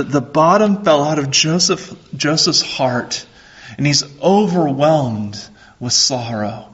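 A man preaching a sermon as a pastor, slow and earnest, repeating his phrases. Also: on the high side, fairly bright tone, husky, dull audio.

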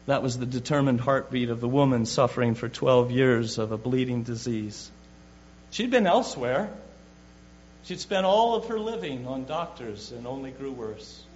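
A man's voice: medium pitch, lively intonation, normal speed. Fervent male preacher on a dull recording. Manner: fervent, swings from loud to hushed. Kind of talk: sermon. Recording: dull lo-fi with mains hum.

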